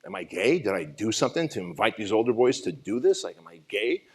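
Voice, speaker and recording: A man's voice: on the low side, big pitch swings, fast talker, slightly rough. A man in his forties from Armenia giving an emotional, profane motivational talk at a summit, telling his own story. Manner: raw, emotional storytelling with frequent swearing. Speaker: summit speaker. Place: conference stage.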